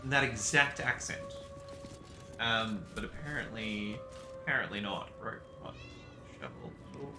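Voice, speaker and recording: A man's voice: on the low side, unhurried, reverberant, music in the background. A man giving casual, meandering commentary as he plays a video game, chatting to his cat along the way. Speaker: gaming streamer. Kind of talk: casual let's-play commentary.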